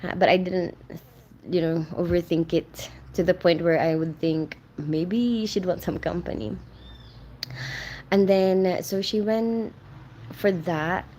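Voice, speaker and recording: A woman's voice: lowish voice, steady tone, slow pace, mellow, a little hiss or hum. Female livestream host: chatty and friendly, greets viewers by name, reads comments aloud, loose and unscripted. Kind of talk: casual live chat, reading viewer comments aloud.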